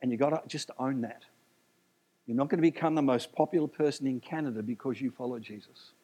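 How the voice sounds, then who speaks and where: A man preaching a sermon, animated and emphatic, with jokes and asides. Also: medium pitch, fast talker, slightly rough.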